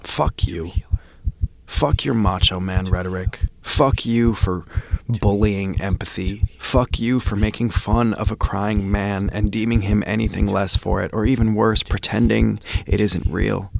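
A man's voice: on the low side, flat delivery, normal speed, creaky, hardly any pauses. A man hosting a podcast, giving an intense, rhythmic spoken-word monologue that sometimes drops into a whisper. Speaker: podcast host.

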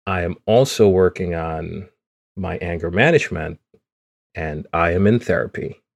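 A man's voice: deep voice, moderate pace, gravelly, dry recording. A man hosting a podcast in a casual, joking, self-deprecating way. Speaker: podcast host. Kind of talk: casual chat.

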